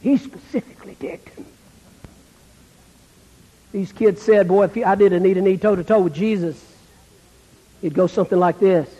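A man from the American South preaches a sermon in a high, steady, husky, mellow voice, a little fast. He turns dramatic, acting out the people he quotes and dropping almost to a whisper. The audio is dull, with a hall's long reverb.

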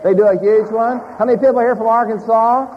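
A man preaching a sermon, telling an animated story to a live congregation in a church. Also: very high-pitched, fast talker, noisy background. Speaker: pastor. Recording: muffled audio in a large hall.

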